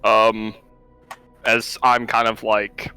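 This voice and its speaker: A man's voice: lowish voice, completely flat delivery, drawn-out words, sharp tone, clear, resonant tone, soft background music. A man playing a tabletop game, speaking in hesitant, dryly joking banter. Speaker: player.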